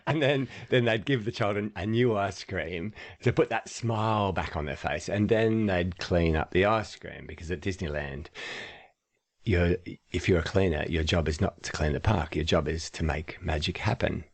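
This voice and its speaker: A man, co-hosting a podcast and telling workplace anecdotes in a casual, animated way, acting out quotes as he goes. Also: deep voice, moderate pace. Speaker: podcast co-host, leadership trainer. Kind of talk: casual storytelling chat.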